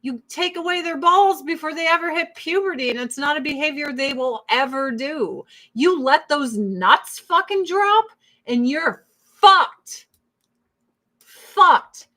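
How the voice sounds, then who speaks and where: A woman's voice: high voice, normal speed, hardly any pauses, sharp tone. A woman hosting a casual livestream chat with her online audience, blunt and profane, who breaks off to coo baby talk at her pets.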